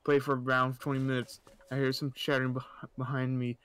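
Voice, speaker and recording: A man's voice: mid-range voice, monotone, fairly quick, fairly bright tone, slight background noise. A young man casually reading stories aloud, stumbling over words and often breaking into laughter and mocking asides.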